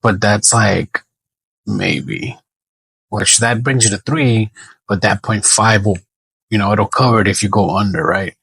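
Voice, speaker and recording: A man's voice: fairly low pitch, measured pace, gravelly, fairly bright tone, slightly rough, no room sound, poor audio. A man making casual soccer betting predictions on his own, thinking aloud and correcting himself as he goes. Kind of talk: casual solo prediction talk.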